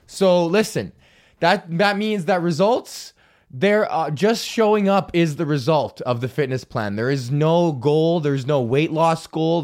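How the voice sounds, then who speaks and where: A man hosting his own podcast, talking in a rambling, profane, self-mocking way. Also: on the high side. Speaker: podcast host. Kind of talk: casual solo podcast rant.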